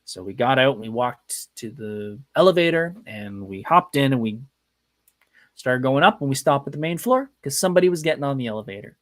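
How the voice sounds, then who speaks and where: A man's voice: medium pitch, fairly bright tone. Chatty man telling podcast stories. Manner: chatty, anecdotal, self-deprecating. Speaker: podcast host. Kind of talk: casual live podcast storytelling.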